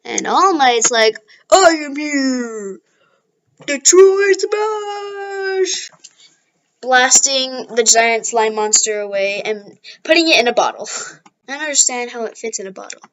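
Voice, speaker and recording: High-pitched woman improvising a fan story offhand, loose and rambling. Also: normal speed, bright, forceful tone, rough recording. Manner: rambling, with frequent restarts and apologies.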